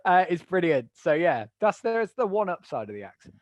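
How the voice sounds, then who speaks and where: A British man in his thirties talks as a podcast guest in a voice pitched a little high. He spins comic stories and slips into quick impressions as he goes. The sound is dry and close, with no room around it. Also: sing-song, dry recording, muffled recording. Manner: jokey storyteller, acts out voices in anecdotes. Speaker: guest, stand-up comic and author. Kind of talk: casual podcast chat.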